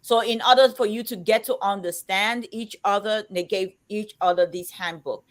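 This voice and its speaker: A woman in her fifties who talks loudly and emphatically, as if shouting, chatting on a live show. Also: medium pitch, moderate pace. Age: 50s. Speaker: co-host of a live chat show. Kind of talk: casual chat.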